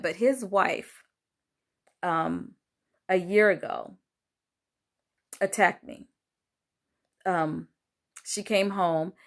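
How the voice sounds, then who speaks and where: Grandmother talking through a family fight, chatty, lots of ums, voice jumps up when she quotes people. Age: older. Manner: animated, acts out quoted lines with rising pitch, many fillers. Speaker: host sharing a personal story. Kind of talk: casual storytelling monologue.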